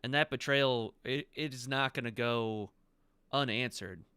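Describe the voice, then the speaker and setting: A man's voice: mid-range voice, unhurried, bright, forceful tone, clear, resonant tone, dry recording. A man voicing a menacing emerald dragon. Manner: condescending and coolly threatening. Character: proud, menacing male emerald dragon, master hunter. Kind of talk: game master voicing a character.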